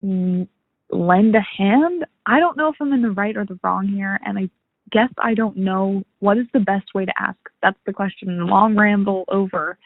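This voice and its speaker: A woman's voice: mid-range voice, no echo. Woman in her twenties on a tinny phone line. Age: 20s. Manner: rambling, upset, halting. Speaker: caller. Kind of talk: recorded voicemail question.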